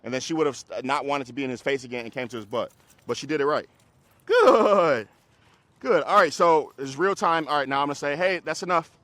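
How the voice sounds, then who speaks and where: A man who trains dogs, coaching a group class in a casual, hands-on way, giving quick commands to dogs and explanations to owners. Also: medium pitch, fairly bright tone, dry recording. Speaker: dog trainer.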